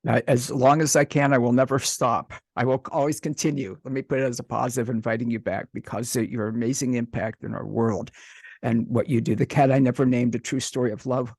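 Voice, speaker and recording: A male host with a husky, slightly raspy voice praises his guest effusively, tripping over restarts. The sound is dry and close, with no room around it. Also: mid-range voice, a little mellow, no room sound. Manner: effusive, gushing, stumbling restarts. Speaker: radio show host. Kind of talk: casual interview talk.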